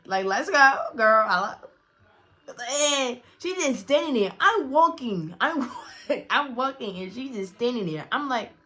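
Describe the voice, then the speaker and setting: A young woman telling a casual storytime to her viewers, blunt and profane, animated, with frequent restarts. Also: a little high. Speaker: storyteller vlogger.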